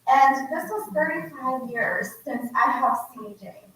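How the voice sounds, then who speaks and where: A woman's voice: high-pitched, slow pace, fairly bright tone. A woman in her forties from Laos, speaking unscripted as a guest author at an event and telling a heartfelt personal story in a conversational way. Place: indoor museum exhibit event. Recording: echoey hall from far off.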